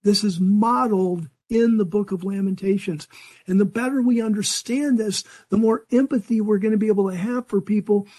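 An older man with a fairly high voice teaches a Bible lesson to a group. He speaks earnestly and conversationally, often restarting his sentences. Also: a little mellow.

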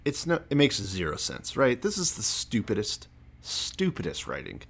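A man's voice: mid-range voice, huge pitch swings, normal speed, a bit bright, breathy edge. A man co-hosting a podcast, chatting casually in a sardonic, profane, mocking way. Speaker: podcast co-host. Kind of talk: casual comedic chat.

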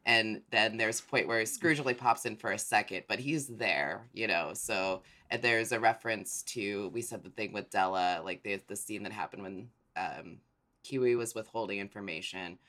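A man's voice: on the low side, normal speed, bright, forceful tone. A man co-hosting a casual podcast chat, enthusiastic and rambling, with lots of fillers. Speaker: podcast co-host.

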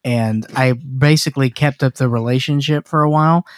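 A man's voice: mid-range voice, fairly even intonation, normal speed, no room sound, clean studio sound. A man co-hosting a podcast, chatting casually about horror films in a rambling, joking way with many restarts. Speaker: podcast co-host.

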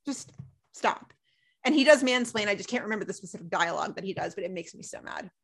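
Woman, podcast co-host, casual recap, ranting, emphatic, profane, mid pitch. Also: lively intonation, rapid-fire, a bit bright, slight background noise. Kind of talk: casual chat.

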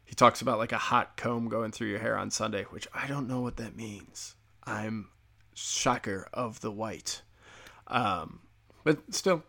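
A man's voice: mid-range voice, creaky, a bit bright. An American man hosting a podcast, ranting casually with sarcasm and lots of swearing. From United States. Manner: profane, sarcastic, opinionated. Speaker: podcast host. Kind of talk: casual comedic rant.

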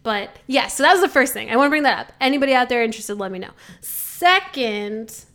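A woman co-hosting a podcast, talking in a loose, giggly way and poking fun at herself. Her voice sits a little high, and she rambles along in easy casual chat. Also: expressive, fairly quick, a bit bright. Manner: chatty, giggly, self-mocking. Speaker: podcast co-host.

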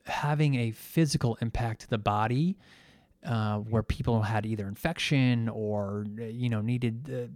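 A man's voice: medium pitch, a little mellow, dry recording, studio quality. A middle-aged man hosting his podcast alone, reflecting earnestly and a little emotionally, with many fillers and restarts. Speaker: podcast host and coach. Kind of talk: reflective solo podcast talk.

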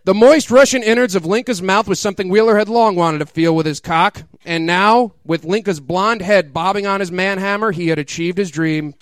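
Man, comic reading aloud, mock dramatic, laughing asides, high clear smooth voice, dry close mic. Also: normal speed, few pauses, no room sound. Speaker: comedic reader.

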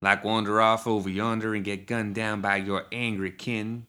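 A man voicing a huge horned monstrous woman with a very deep, smoky voice, ladylike and dry. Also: little pitch movement, sharp tone. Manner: slow, dry and prim.

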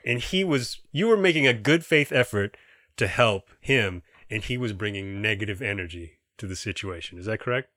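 A man's voice: on the low side, expressive, moderate pace, bright, forceful tone, no echo, clean studio sound. Playful man hosting a podcast. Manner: playful mock-serious questioning. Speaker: podcast co-host. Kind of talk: casual podcast interview.

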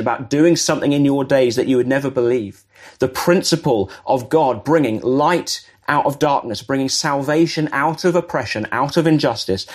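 A man preaches a sermon in a relaxed, conversational way, slipping into little acted-out exchanges to make his points. His voice is mid-pitched with a husky, slightly breathy edge. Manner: conversational, animated, acts out dialogue.

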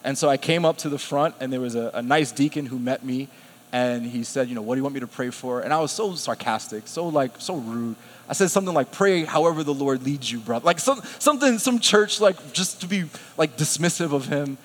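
A man preaching a sermon, telling a personal story with lively self-quotes and frequent laughs. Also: medium pitch, brisk. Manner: animated, laughs often, quotes himself. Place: church sanctuary. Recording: long hall reverb.

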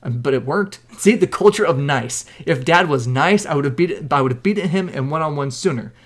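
Brief: male co-host, lively storyteller, higher-pitched voice, bursts into shouted impressions. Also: a little fast. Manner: animated, acts out quotes with loud shouts. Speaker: podcast co-host. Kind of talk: casual chat, animated storytelling.

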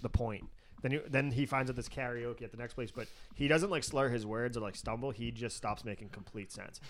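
Boston dude telling a story and cracking up, clicky noise behind him. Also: male voice, mid-range voice, steady tone, a little fast. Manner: laughing storyteller, swears freely. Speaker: podcast guest. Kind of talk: casual chat.

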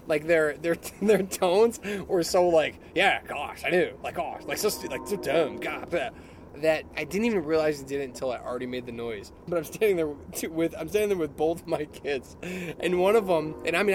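A man's voice: on the high side, noisy background. A middle-aged man telling a story in casual chat, laughing often and mimicking other people's voices. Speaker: podcast co-host.

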